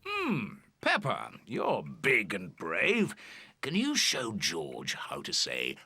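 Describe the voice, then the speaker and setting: An actor voicing a kindly, reassuring bear doctor in a children's cartoon. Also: male voice, on the low side, wildly swooping pitch, slow pace, dry recording, heavily acted. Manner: gentle, reassuring, gravelly.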